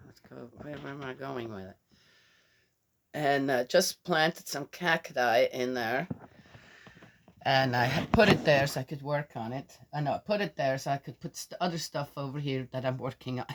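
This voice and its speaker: A woman's voice: extremely low pitch, noisy background. An older woman talks casually to her viewers in a rambling, chatty way. She drifts from one thought to the next and breaks into laughter often. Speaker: vlogger. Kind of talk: casual chat to camera.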